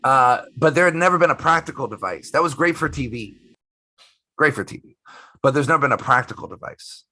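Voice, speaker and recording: A middle-aged man, a magician guest in a casual interview, telling animated stories, acting out the people he quotes and swearing casually. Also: medium pitch, brisk.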